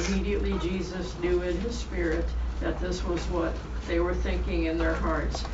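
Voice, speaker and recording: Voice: mid-range voice, moderate pace, hardly any pauses. Someone reading a bible passage, far off, hissy muffled sound. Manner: steady reading with small slips. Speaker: class member reading scripture. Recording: distant echoey room recording with hiss.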